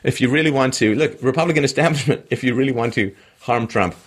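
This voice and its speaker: A man's voice: medium pitch, quick pace, a little hiss or hum. A man giving a solo political commentary in a sarcastic, mocking way, with frequent laughs.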